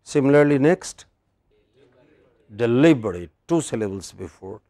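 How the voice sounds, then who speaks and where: A man's voice: medium pitch, unhurried, a little mellow, no echo. A man with an Indian English accent teaching English word stress in a classroom lecture, quizzing his students.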